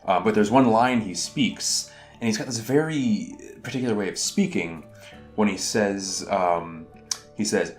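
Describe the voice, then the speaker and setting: A man's voice: on the low side, lively intonation, normal speed. A man casually explaining how he voices characters in tabletop games, rambling and self-deprecating with many fillers. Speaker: channel host. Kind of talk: casual explanation of game mastering tips. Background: faint guitar music.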